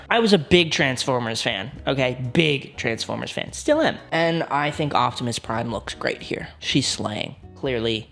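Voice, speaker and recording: A young man hosting a casual reaction video, laughing often and joking in an animated way. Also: mid-range voice, moderate pace, hardly any pauses, faint music behind. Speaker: vlog host.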